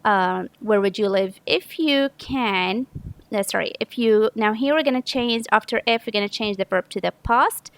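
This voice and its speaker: A woman's voice: a little high, moderate pace, low-quality recording. A woman teacher from Saudi Arabia patiently walking through an English grammar lesson step by step, often correcting herself. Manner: patient, step-by-step explaining with frequent self-corrections.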